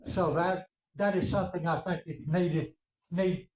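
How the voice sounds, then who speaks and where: A man in a church class raising a point from the audience, halting and restarting as he speaks. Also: sits high, a little mellow. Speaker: class participant. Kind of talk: question from the audience. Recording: echoey room.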